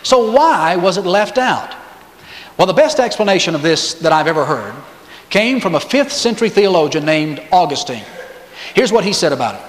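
Man preaching, high voice, storytelling delivery, echoing hall reverb. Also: sing-song, normal speed. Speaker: pastor. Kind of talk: sermon.

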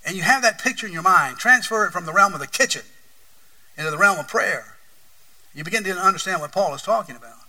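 A preacher with an East Tennessee accent delivers an earnest sermon, his volume swelling and falling. His voice is very bright and a touch high. He sounds set back from the microphone in a church room. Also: expressive, quick pace, distant mic, poor audio. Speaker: pastor.

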